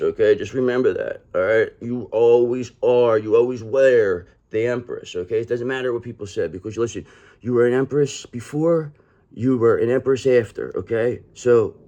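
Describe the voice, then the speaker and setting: A man with a fairly low-pitched, darkish voice gives a casual tarot reading to camera, calling the listener "brother" and going over his points more than once. He mimics other people in mocking quoted voices, and the sound is lo-fi.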